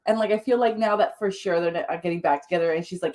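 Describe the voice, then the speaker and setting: A woman's voice: mid-range voice, a little fast, a little mellow. A young woman from Chile hosting a casual livestream writing sprint, bubbly and gushing, laughing often.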